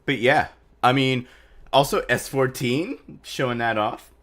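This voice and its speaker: A man's voice: medium pitch, a little slow, fairly bright tone. A man chatting casually on a live stream, loose and rambling with lots of fillers.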